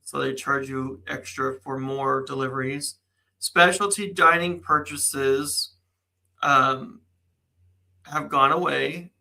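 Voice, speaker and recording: A man's voice: mid-range voice, fairly even intonation, takes it slowly, vocal fry, bright, forceful tone, poor audio. A man co-hosting a casual live chat, reading out news items and laughing often. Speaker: co-host.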